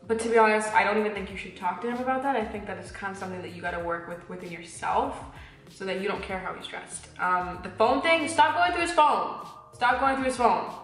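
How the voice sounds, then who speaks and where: A young woman giving blunt, candid relationship advice in a casual talk, swearing freely and acting out little exchanges. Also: mid-range voice. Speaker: advice giver. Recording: echoey room with faint music.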